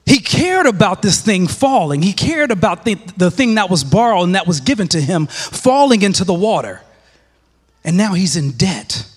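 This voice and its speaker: A man delivering a sermon, his voice sitting a bit high and ringing out with a long church reverb. He presses his points through repetition and sinks into quiet, hushed passages between the louder lines. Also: very animated, normal speed, breathy edge. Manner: emphatic, repeats phrases, drops to hushed lows. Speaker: preacher.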